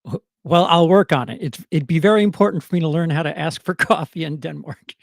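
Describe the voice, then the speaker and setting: Man, New York accent, very gravelly fry, slightly high voice, halting livestream chat, dry close sound. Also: dry recording. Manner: halting, many stammered restarts and fillers. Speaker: livestream host answering chat.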